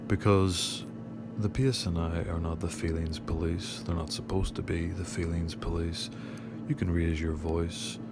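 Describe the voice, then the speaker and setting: A very low, flat male voice delivers indignant, scornful commentary over a video. Loud music plays steadily under his voice-over. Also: measured pace. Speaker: commentator on a channel.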